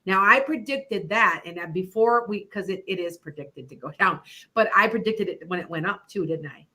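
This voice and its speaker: A middle-aged woman hosts an internet radio show about her psychic predictions. Her voice is bright and clear, and she talks in a chatty, rambling way, laughing often as she goes. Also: medium pitch, normal speed. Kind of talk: casual chat about predictions.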